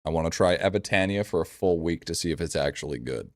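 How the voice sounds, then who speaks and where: Male game streamer, lowish voice, blunt and foul-mouthed, loops his phrases, dry close sound. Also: quick pace, no room sound. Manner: blunt, profane, repeats phrases. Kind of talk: casual live-stream chat answering viewers.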